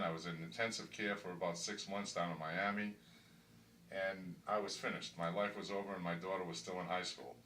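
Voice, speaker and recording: A middle-aged weight-loss surgery patient gives a candid testimonial in a hospital room, his voice sitting low. He's emphatic, stumbles and repeats himself, and gets excited and loud; the distant mic adds echo and faint hiss.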